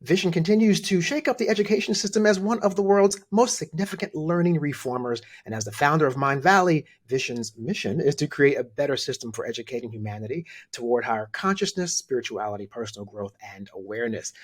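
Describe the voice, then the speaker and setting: A man hosts an interview, chatty and eager. His voice sits at a middle pitch with a husky edge, and he fills his sentences with loose fillers. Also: lively intonation, quick pace, few pauses. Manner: enthusiastic, chatty, with many fillers. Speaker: host. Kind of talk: interview conversation.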